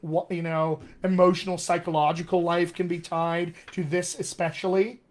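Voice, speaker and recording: A man's voice: high-pitched, level tone, normal speed. A man coaching accents in a live online session, demonstrating sounds and reading viewer comments with eager energy. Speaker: dialect coach.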